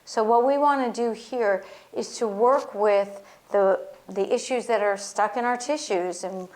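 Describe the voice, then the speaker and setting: A woman yoga teacher leading a guided somatic exercise, with gentle, soothing instructions. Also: medium pitch.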